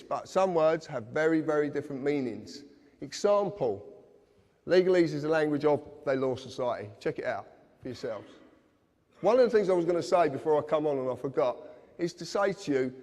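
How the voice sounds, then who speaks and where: A man with a slightly high, somewhat mellow voice delivers an earnest, insistent lecture to a live audience, addressing his listeners directly. The hall gives the recording a long reverb.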